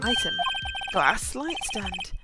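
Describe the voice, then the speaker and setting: A woman voicing an earnest, excitable young male defense lawyer from a video game, over game music. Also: fairly high pitch, slow, exaggerated voice.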